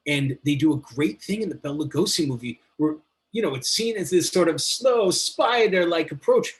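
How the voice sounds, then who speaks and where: A man's voice: fairly high pitch, animated, moderate pace. A man speaking as a guest in a casual interview, a metal journalist who rambles enthusiastically and swears freely.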